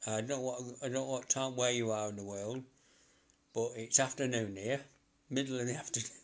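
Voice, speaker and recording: A man working as a psychic medium, chatting casually on a live stream in a rambling, halting way and chuckling to himself. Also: mid-range voice, fairly even intonation.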